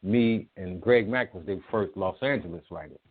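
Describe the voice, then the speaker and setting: A man who is a music promoter, a guest telling old stories in a casual, profane, animated way, acting out what people said. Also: deep voice, moderate pace. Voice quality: profane, animated, acts out quotes. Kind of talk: casual storytelling interview. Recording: tinny phone line.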